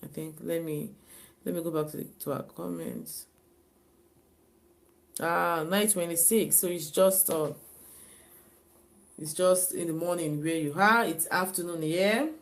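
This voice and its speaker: A woman's voice: on the low side, unhurried, creaky, pauses often. A woman chatting casually on her own live stream, repeating herself and often laughing and sighing. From Africa.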